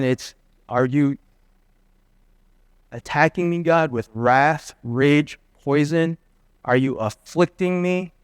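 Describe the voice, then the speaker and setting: A man's voice: medium pitch, smooth, no room sound. A middle-aged man preaching a sermon, telling personal stories and acting out the dialogue. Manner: earnest storytelling, quoting dialogue in lively voices. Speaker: guest preacher.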